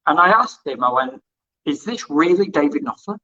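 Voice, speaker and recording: A former hospital radio presenter who now interviews musicians tells rambling anecdotes in a casual interview, acting out the dialogue he quotes. His voice is a little high with lively intonation and a moderate pace, and the muffled recording picks up crowd noise.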